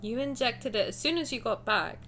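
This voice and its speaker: A young woman streaming a game who reads the story aloud and gushes between lines. Her voice sits fairly high and swings widely, and she giggles often. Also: moderate pace, slight background noise. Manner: giggly, animated, gushing. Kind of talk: reading game text aloud and chatting.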